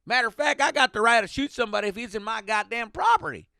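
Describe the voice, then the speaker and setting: A man voicing a brash, gun-loving Texan driver who boasts loudly and swears. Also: very high voice, expressive, quick pace, vocal fry, clean tone, no echo, clean studio sound, pitched above the performer's own voice, full character voice. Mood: boastful. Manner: loud, boastful, profane.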